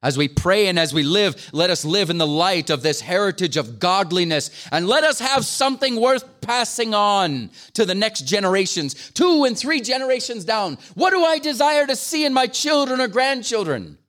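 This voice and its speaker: A man's voice: high-pitched, big pitch swings, moderate pace, few pauses, a bit bright. An older man preaching a sermon, earnest and pleading, pressing his listeners with questions that rise into fervent appeals. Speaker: guest preacher.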